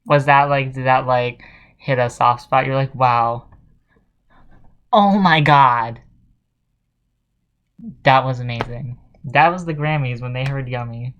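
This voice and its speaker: A man's voice: medium pitch, fairly even intonation, normal speed, fairly bright tone, clean tone, lo-fi sound. Sarcastic young man ranting casually. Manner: sarcastic, exasperated, mocking. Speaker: vlogger. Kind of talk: casual commentary rant.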